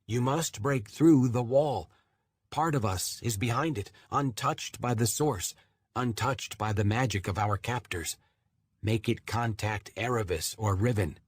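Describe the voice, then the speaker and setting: Audiobook: a man doing an insistent disembodied male shard, voice pitched up and pushed louder, slightly husky. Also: a little slow, no room sound, clean studio sound. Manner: insistent, urgent questioning. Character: disembodied male personality shard, urgent and commanding.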